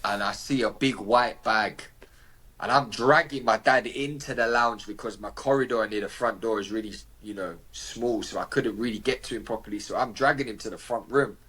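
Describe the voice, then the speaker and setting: As a guest on a podcast, a man from the United Kingdom with a British accent recounts a personal story in vivid slang, performing the dialogue himself. His voice sits on the low side, a bit bright with a breathy edge, at a moderate pace.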